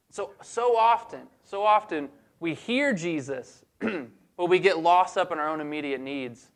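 A man preaching a sermon in a casual, humorous way, acting out quick bits of dialogue. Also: on the high side, a bit bright. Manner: conversational and humorous, acts out voices of the disciples.

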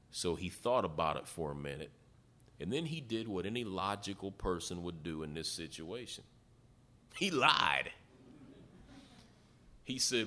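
A man's voice: low voice, measured pace, long pauses, pushed and bright. A man preaching a sermon, retelling a story in a folksy way and acting out the quotes. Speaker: pastor.

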